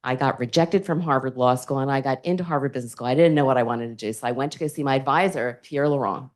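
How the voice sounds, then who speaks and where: A woman, an alumna panelist telling lively stories and acting out the people in them. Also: rumbling low, quick pace. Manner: animated storyteller acting out quotes. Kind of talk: storytelling on a panel.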